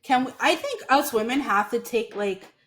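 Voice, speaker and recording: A woman's voice: fairly high pitch, moderate pace, slight background noise. A woman who works as a waxer, chatting casually on a podcast and acting out quotes as she tells stories. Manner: animated storyteller, acts out quotes. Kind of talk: casual chat.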